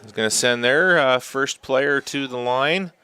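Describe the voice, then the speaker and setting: A man giving live play-by-play commentary on a youth soccer shootout, unhurried and sometimes hushed. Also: medium pitch, clean tone. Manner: unhurried, drops to a hushed whisper during tense kicks. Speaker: sports commentator.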